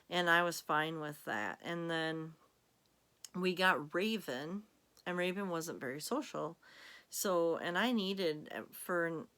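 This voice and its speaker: A woman's voice: sits low, fairly bright tone. A woman vlogger chatting casually to her camera in a rambling, giggly way.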